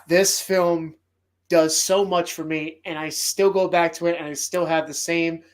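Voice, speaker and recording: Animated, foul-mouthed male podcast host. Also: on the high side. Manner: animated, profane retelling of movie scenes; emotional, choked up at times. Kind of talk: casual movie podcast talk.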